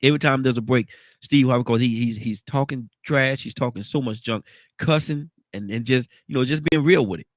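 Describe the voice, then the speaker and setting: A congested man with a baritone voice hosting a casual morning talk show, rambling and repeating his words. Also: a little fast, dry recording. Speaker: radio show host.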